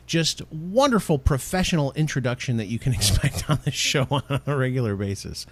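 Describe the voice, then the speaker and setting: A man hosting a podcast in loose, casual chat. His voice swings up and down a lot as he rambles, and he laughs easily. His pitch sits in the middle for a man. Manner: animated, rambling, quick to laugh. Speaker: podcast host.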